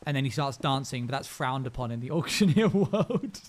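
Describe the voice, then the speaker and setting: A man's voice: mid-range voice, lively intonation, normal speed, hardly any pauses. A young man live-streaming a game, chatting casually with his viewers in a rambling, self-amused way.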